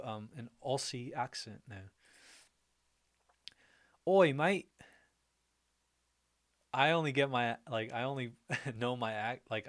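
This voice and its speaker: A man hosts a casual livestream, chatting with his viewers in an easygoing, rambling way. His talk is full of restarts and loose fillers, and he stays upbeat and friendly throughout. His voice sits in an ordinary middle pitch for a man. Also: fairly bright tone. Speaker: livestream host. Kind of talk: casual livestream chat reacting to viewer comments.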